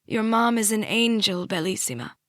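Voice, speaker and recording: A woman narrating an audiobook voices a frail, slightly breathless older grandmother who talks tenderly and teases gently. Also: mid-range voice, lively intonation, normal speed, dry recording, studio quality, lightly acted. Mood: affectionate. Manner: tender, doting, gently teasing. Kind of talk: audiobook character voice.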